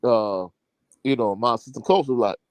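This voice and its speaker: A man, a high school coach, telling a long sports anecdote in casual chat with slang and many fillers. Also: moderate pace, no echo. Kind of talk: casual podcast storytelling.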